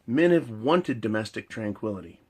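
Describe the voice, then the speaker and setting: A man's voice: fairly low pitch, lively intonation, moderate pace, a little mellow, husky. Blunt, profane man ranting. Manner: profane, blunt, keeps asking "right?"; long rhetorical analogies, repeats himself. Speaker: commentator. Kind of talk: ranting monologue.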